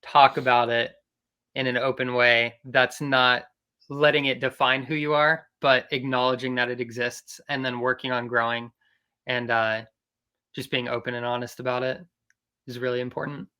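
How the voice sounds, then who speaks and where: A man's voice: medium pitch, normal speed, clear, resonant tone. A man in a band, a guest on a podcast, talking earnestly and steadily about habits and staying open. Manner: earnest, advice-giving, steady. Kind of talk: casual interview chat.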